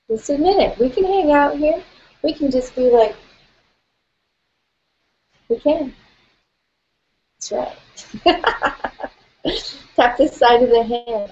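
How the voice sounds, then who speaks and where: A woman leads a guided tapping session at an unhurried pace, her voice sitting a little high. She speaks gently and playfully, often laughing. The sound is dull and slightly lo-fi. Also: animated.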